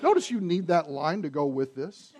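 A man preaching a sermon to his congregation, conversational and animated, often asking the audience questions. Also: fairly high pitch, moderate pace, over music. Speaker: pastor. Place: church sanctuary.

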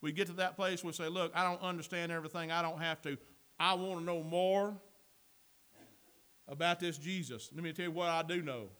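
A male pastor preaching a sermon, building to shouts and dropping into folksy asides. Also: a little high, steady tone, fairly quick.

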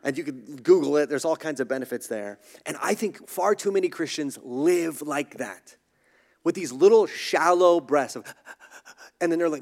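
A man's voice: on the high side, normal speed. A man preaching a sermon, casual and conversational, who jokes about himself and acts out the voices of others in his stories. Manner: conversational, self-deprecating humor, acts out voices. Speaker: pastor.

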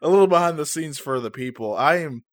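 A man's voice: a little high, animated, fast, no room sound, studio quality. A man co-hosting a podcast in casual chat, joking and laughing often, for whom English is not his first language. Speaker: podcast co-host. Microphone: new podcast microphone.

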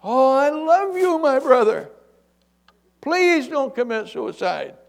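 A preacher voicing a zealous male Baptist pastor who yells questions upward, in a joke. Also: extremely high pitch, expressive, slow, gravelly, voice pushed up, full character voice. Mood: eager yelling. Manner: yelling, eager interrogating.

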